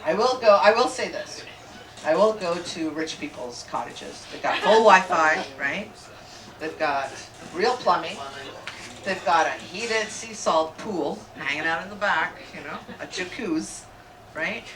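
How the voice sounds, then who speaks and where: A middle-aged woman doing a stand-up comedy set, brash and crude, rising to shouted rants. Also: fairly low pitch, animated, unhurried. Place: comedy club stage with audience. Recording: echoey room, distant mic, loud crowd noise.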